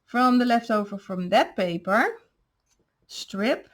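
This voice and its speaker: A woman's voice: medium pitch, unhurried. A woman hosting a craft channel, patiently explaining step by step how she made each paper piece. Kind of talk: crafting show-and-tell.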